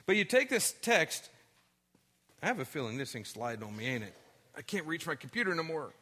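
Guy preaching in church, bright voice, tells stories all animated. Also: fairly high pitch, fairly quick, slightly rough. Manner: animated storytelling, drops to quiet tones for sad moments. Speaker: pastor. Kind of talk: sermon with personal story.

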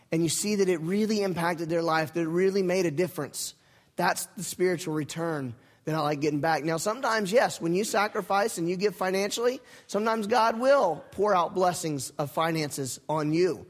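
A pastor with a high voice preaches in a folksy, lively way, repeating his key phrases and tossing in asides. The sound rings with a long reverb, as in a big hall. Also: moderate pace. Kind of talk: sermon. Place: church sanctuary.

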